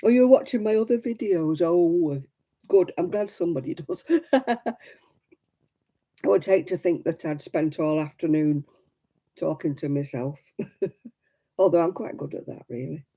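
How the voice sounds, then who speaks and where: Gravelly, chatty woman. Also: sits low, a little slow, pauses often, dark tone, poor audio. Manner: chatty, self-deprecating, greets viewers by name. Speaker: crafting livestream host. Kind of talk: casual livestream chat with viewers.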